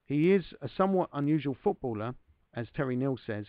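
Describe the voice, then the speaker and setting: A man's voice: medium pitch, lively intonation, a little fast, no echo, lo-fi sound. A man hosting a podcast, reading a book passage aloud and breaking off for self-deprecating asides to his listeners. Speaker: podcast host.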